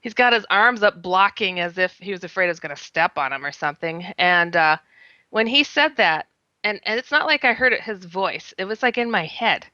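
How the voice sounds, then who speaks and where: A woman telling a story in an animated way, laughing often and acting out her own quoted words. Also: fairly low pitch, a little fast, dry recording. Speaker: guest. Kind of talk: animated first-person storytelling. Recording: slightly muffled lo-fi sound.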